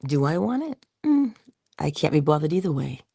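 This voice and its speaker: A woman with a low, gravelly, husky voice talks through a casual motivational livestream. She is playful, slips into breathy whispered asides and bursts into animated quoted voices. The sound is close and dry. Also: moderate pace, no echo. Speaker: livestream host.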